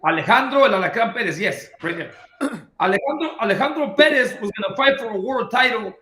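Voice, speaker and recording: A man with a bright, high-pitched voice tells a long boxing story in casual talk. He acts out each person's lines as he goes. The room around him is echoey. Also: fast, a little hiss or hum. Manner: animated anecdote-telling, acting out quoted dialogue. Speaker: boxing trainer.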